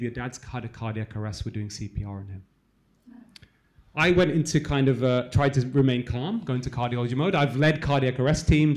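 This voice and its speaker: A man from England, a cardiologist, telling a personal story to a live audience in a fast, conversational way, dropping to a hushed voice in the sad parts. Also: mid-range voice. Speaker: cardiologist speaker. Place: conference hall.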